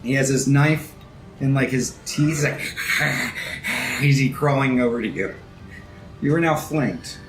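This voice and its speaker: A man's voice: medium pitch, slow. A man narrating a tabletop game as game master in a casual, laughing way. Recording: roomy sound with faint music.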